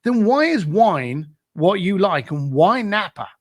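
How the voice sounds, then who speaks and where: A podcast guest with a high voice and big pitch swings tells a story a little slowly in a casual interview. He acts out both sides of a phone call, with plenty of fillers and "I said" over and over.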